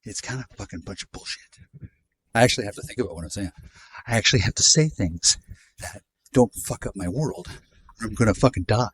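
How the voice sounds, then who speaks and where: Low-voiced man in his fifties, sardonic profane vlogger on a walk, jumpy delivery. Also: a little fast, pauses often, fairly bright tone, husky, no echo. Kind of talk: rambling monologue while walking. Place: outdoors in a neighborhood.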